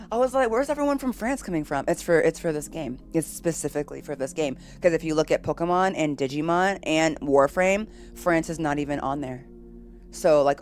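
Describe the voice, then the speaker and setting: A bubbly woman chats with her live-stream viewers in a lowish voice, laughing often. She jumps from loud excited greetings to quiet murmured asides. Faint game music plays underneath. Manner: bubbly, giggly, quick to laugh. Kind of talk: casual live-stream chat reading viewer messages.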